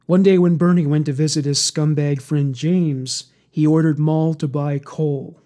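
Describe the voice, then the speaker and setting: Mellow man narrating a dark true story. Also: fairly high pitch, steady tone, measured pace. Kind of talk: scripted true-crime narration.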